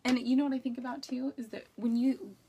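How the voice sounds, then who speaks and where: A woman's voice: sits high, steady tone, fast talker, dark tone, slight background noise. A woman co-hosting a casual chat, playful and chatty, laughing easily. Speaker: co-host.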